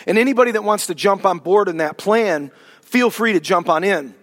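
A man pastor giving a sermon and prayer, animated preaching with casual asides. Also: high-pitched, moderate pace. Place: church sanctuary. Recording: long reverb of a hall.

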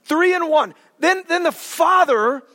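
High-voiced male pastor preaching a jokey, animated sermon in an echoey church hall. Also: unhurried. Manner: animated, jokey, dramatic shifts in volume.

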